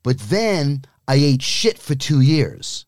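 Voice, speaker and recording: A man's voice: mid-range voice, big pitch swings, no room sound, clean studio sound. A man in a casual podcast chat, agreeing readily and telling show-business anecdotes. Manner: chatty, quick to agree, tells industry anecdotes.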